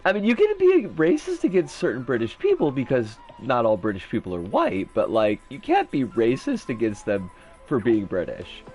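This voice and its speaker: A man's voice: medium pitch, wildly swooping pitch, normal speed, a little mellow, soft background music. A man chatting casually during a live game stream, loose and profane, often restarting his sentences.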